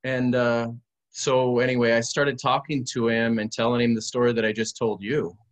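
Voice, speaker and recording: A man's voice: mid-range voice, flat delivery, normal speed. A man, a podcast guest, telling an earnest story in casual conversation, bringing it to life with quoted dialogue.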